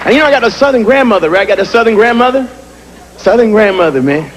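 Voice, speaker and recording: High-voiced, animated male stand-up comic. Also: fast talker, a little hiss or hum. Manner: animated, punchy, mimics people. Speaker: stand-up comedian. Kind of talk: stand-up comedy. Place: comedy club stage. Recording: live club, loud crowd and music.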